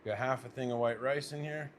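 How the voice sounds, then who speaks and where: A man's voice: mid-range voice, steady tone, fast talker, slight background noise. A young man from the United States chatting casually while plating food in his home kitchen, talking to his partner and viewers. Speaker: cooking vlogger. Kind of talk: casual cooking vlog.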